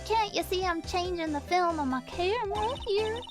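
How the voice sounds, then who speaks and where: A woman's voice: extremely high pitch, moderate pace, over music, voice pushed up. A woman voicing a feisty southern woman photographer in a video game, with an exaggerated put-on Southern drawl. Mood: scolding. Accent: put-on American Southern. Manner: exaggerated drawl, loud and scolding.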